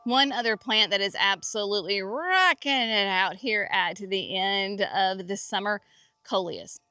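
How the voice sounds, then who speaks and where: A woman's voice: medium pitch, a little slow, sharp tone, clean tone, dry recording. A woman from North Carolina, chatting folksily and with enthusiasm as she hosts a walk through her garden. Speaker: garden center host. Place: outdoor garden.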